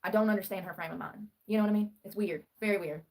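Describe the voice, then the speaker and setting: A woman's voice: mid-range voice, fairly even intonation, fast, darkish tone. A woman livestreaming true-crime commentary, rambling and sarcastic as she reads the news aloud. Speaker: live streamer.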